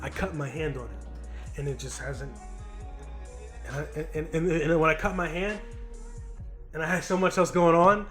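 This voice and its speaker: A man's voice: high voice, moderate pace, bright, forceful tone, faint music behind. A 20-year-old man telling a storytime vlog on a handheld mic in a home studio. He is frustrated and rambles, swearing often and restarting his sentences. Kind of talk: casual storytime monologue. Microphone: handheld microphone.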